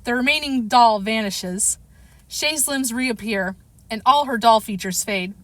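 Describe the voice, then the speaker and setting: Woman narrating an audiobook, fairly high voice. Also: measured pace, no room sound. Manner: expressive storytelling, occasional self-corrections. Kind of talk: first-person audiobook narration.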